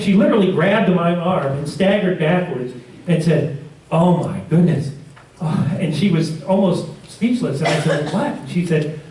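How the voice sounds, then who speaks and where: A man's voice: a little high, a little mellow, a little hiss or hum. A man teaching a community class, telling stories in a casual, rambling way, often correcting himself mid-sentence. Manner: rambling, self-correcting storyteller with chuckles. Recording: roomy classroom from far off.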